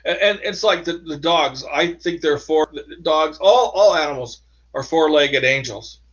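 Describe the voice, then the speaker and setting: A man with a somewhat high voice tells his story as a guest over a dull, lo-fi line. He halts and restarts, letting phrases trail off. The sound is muffled and narrow. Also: measured pace, a bit bright. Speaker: author and interview guest. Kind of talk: casual interview storytelling.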